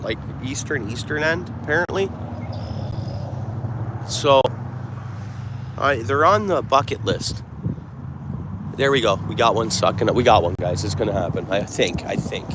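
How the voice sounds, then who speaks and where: A man chatting to viewers on a live stream while fishing outdoors, thinking aloud as he goes. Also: medium pitch. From Canada. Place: outdoors by the water. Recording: clear outdoor background noise.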